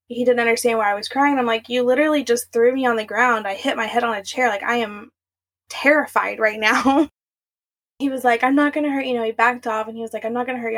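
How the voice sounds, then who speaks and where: Woman, podcast guest, fairly high voice, flat even delivery, young adult, candid rambling storytelling. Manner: candid, run-on storytelling with frequent "like" and "you know". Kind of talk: recounting personal story in interview.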